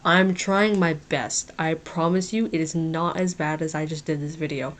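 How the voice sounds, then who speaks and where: A woman podcaster chatting casually on camera, a little hoarse from losing her voice, nervous and restarting her sentences. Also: deep voice, fairly even intonation, moderate pace. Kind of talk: casual video review and rambling sign-off.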